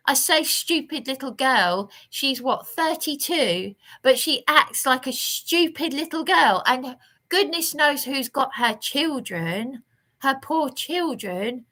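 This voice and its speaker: A woman's voice: high voice, expressive, takes it slowly, sharp tone. A woman giving a rambling, aggrieved vlog monologue with emphatic outbursts. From England. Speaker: vlogger.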